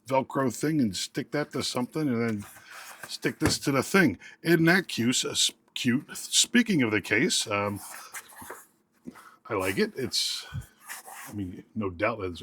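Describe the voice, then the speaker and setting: A man's voice: on the low side, a bit bright, a little hiss or hum. A man casually reviewing tools while unboxing them, rambling and joking with lots of restarts and fillers. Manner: rambling, jokey, self-interrupting. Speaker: tool reviewer.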